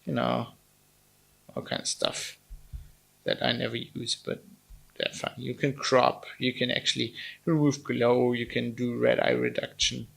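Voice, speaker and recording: A man's voice: mid-range voice, flat delivery, a little slow, gravelly, long pauses, a bit bright. A man with a German accent giving a casual, blunt phone review, chatty and full of fillers and restarts. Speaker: tech reviewer.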